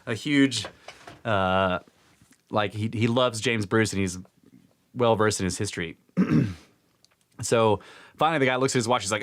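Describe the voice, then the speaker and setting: A man's voice: moderate pace, long pauses. A man co-hosting a podcast, casually retelling a book's story with lots of fillers and acted-out quotes. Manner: animated retelling, acts out quotes with pitch jumps, laughs often. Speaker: podcast co-host retelling a book.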